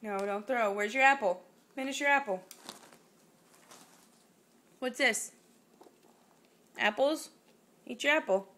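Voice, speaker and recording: A woman's voice: on the high side, takes it slowly, pauses often, sharp tone. A woman talking to a toddler at mealtime, coaxing her to eat with short, repeated instructions. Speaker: parent feeding a toddler. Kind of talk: casual talk to a small child.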